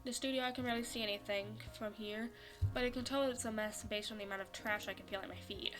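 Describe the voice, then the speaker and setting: A young woman streaming a visual novel, reading the story and her character's lines aloud and breaking into animated, laughing reactions. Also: a little high, quick pace, over music. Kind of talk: reading a game script aloud with commentary.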